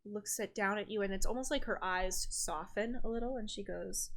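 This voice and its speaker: A woman's voice: medium pitch, moderate pace, hardly any pauses, a bit bright, poor audio. A woman narrating a tabletop game as game master, describing scenes in a loose, filler-heavy way.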